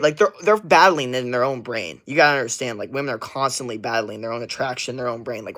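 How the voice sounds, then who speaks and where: A man's voice: mid-range voice, fast talker, few pauses, a bit bright. A young man working as a fitness coach, talking in a casual livestream and giving rambling advice full of fillers and little acted quotes.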